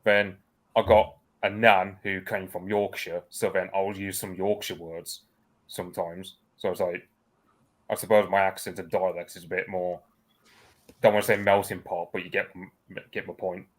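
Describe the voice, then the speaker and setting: A man with a mild Birmingham accent chats casually as a guest. His voice is very low, and he rambles through his points with plenty of fillers. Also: little pitch movement, normal speed. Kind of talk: casual podcast chat.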